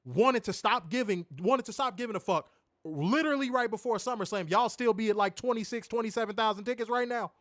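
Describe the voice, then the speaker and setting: A man's voice: high voice, brisk, fairly bright tone, no room sound. Podcast co-host, male, angry profane rant, dry close sound. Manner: profane, fiery, repetitive rhetorical questions. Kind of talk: heated ranting commentary.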